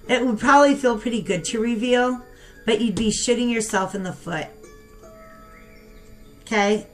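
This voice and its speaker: A young woman giving a casual tarot reading and talking straight to her viewers in a chatty, animated way. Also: a little high. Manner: chatty and animated, talks to viewers as "you guys". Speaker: tarot reader.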